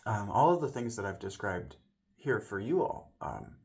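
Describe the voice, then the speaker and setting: A man's voice: on the low side, huge pitch swings, normal speed, gravelly, a little mellow. A man vlogging a casual personal story, rambling, with frequent restarts and self-corrections, and voicing other people's lines as he retells it.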